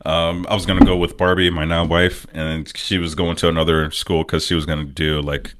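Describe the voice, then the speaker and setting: A man's voice: low-pitched, fairly quick. A young man whose first language is French, telling stories in a casual podcast chat, laughing often and swearing. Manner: laughing storyteller, swearing, animated retelling. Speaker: podcast guest.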